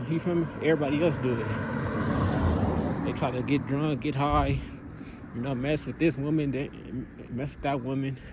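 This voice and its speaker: A man's voice: mid-range voice, a little mellow, slight background noise. A man talking casually to his phone camera, slangy and full of fillers, out of breath as he walks outdoors in the countryside. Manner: laid-back slangy talk with many fillers. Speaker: motivational vlogger. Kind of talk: casual vlog talk.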